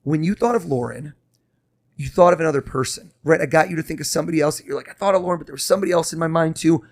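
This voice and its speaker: A young man, a mentalist guest on a podcast, talking fast and coaxing as he reads a host's mind live. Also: fairly high pitch. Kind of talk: casual podcast talk with live mind-reading.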